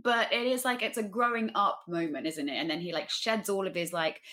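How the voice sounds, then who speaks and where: A woman's voice: medium pitch, fairly quick, bright, forceful tone. A woman co-hosting a casual discussion, informal and chatty, with plenty of "like" fillers. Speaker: podcast co-host.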